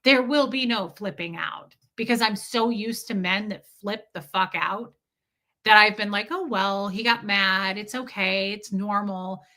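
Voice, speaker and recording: A woman hosts a casual livestream and talks straight to her viewers. Her voice has a bright, forward edge at a medium pitch. She speaks candidly and emphatically, swears freely, and often restarts or repeats words. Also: measured pace. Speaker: livestream host reading viewer chat.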